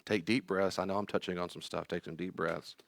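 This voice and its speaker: A man's voice: deep voice, steady tone, a little fast, creaky, dry recording, clean studio sound. A middle-aged man, a therapist teaching a class, telling personal stories in an earnest, pleading way. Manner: earnest, pleading, acts out quoted voices.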